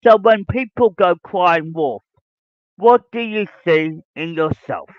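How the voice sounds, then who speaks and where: Male podcast host, high-pitched, repetitive lecturing rant; dull, dry recording. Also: takes it slowly, dry recording. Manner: ranting, repetitive, lecturing listeners directly. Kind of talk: podcast monologue.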